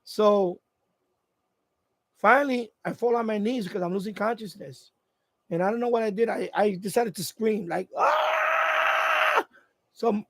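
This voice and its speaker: A high-pitched man who runs a radio hobby channel hosts a casual live stream from indoors at home. He tells a rambling story with many restarts, and there's no room sound.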